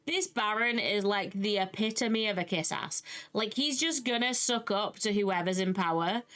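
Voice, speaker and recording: A young British woman giving casual, animated commentary on a video game she is playing, with exasperated asides. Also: medium pitch, moderate pace, faint music behind. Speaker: gaming YouTuber. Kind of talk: casual let's-play commentary.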